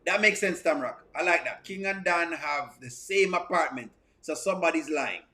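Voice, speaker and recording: A man's voice: fairly high pitch, normal speed, pushed and bright. A man hosting a live reaction stream, reading out viewer comments and repeating himself with stammering restarts.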